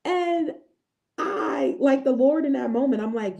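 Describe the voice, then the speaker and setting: Lively woman giving a casual devotional. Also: high voice, unhurried, vocal fry. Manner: lively, talks to viewers as "y'all", frequent "right?" and "okay?". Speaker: host of a faith affirmation show.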